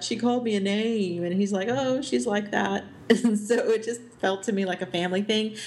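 Chatty woman podcast co-host. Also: fairly low pitch. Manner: chatty, thinks aloud with many ums and little laughs. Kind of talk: casual TV recap chat.

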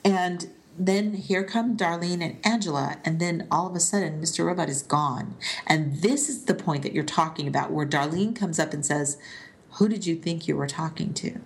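Podcast co-host, female, lower register, animated recapper. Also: moderate pace. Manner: animated, retells scenes at length. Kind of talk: casual TV discussion podcast.

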